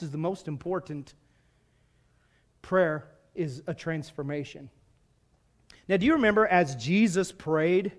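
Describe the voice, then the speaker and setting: High-pitched animated man preaching. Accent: Virginian. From US East Coast. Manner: animated, swings from hushed to loud; self-deprecating, jokey asides. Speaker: pastor. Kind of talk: sermon.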